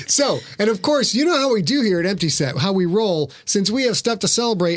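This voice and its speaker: A man co-hosting a casual podcast livestream, joking and breaking into hyped sales-pitch shouting. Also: animated, brisk, few pauses, a little hiss or hum. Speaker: podcast host and author.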